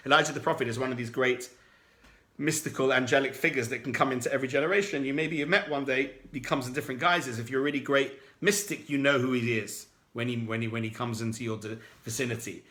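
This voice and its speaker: A man, a rabbi, teaching a lively Torah class and acting out the people in his stories. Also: mid-range voice, quick pace. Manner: animated, dramatic storyteller who acts out quoted speakers.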